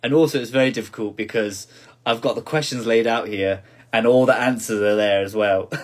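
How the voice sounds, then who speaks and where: Husky-voiced man hosting a casual quiz. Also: medium pitch, normal speed. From United Kingdom. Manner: chatty, repeats each question several times, laughs at himself. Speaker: quiz host.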